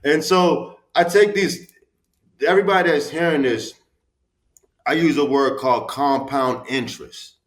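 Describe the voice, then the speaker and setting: Animated man in his forties. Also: fairly high pitch, unhurried, echoey room. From Baltimore, USA. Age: 40s. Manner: animated, street-talking, profane, emphatic. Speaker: podcast guest. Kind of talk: candid storytelling interview.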